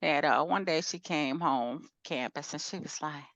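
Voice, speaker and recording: A woman's voice: low-pitched, moderate pace, fairly bright tone, no room sound. Laid-back slangy woman podcast host. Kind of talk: casual chat.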